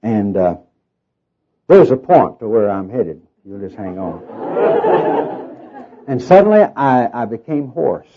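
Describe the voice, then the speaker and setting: A man's voice: mid-range voice, very animated, measured pace, long pauses, husky. A middle-aged man with a Southern US accent and a nasal tone, preaching a sermon in a folksy storytelling way full of fillers and self-deprecating humor. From Oklahoma, raised in Arkansas. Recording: dull lo-fi sermon tape.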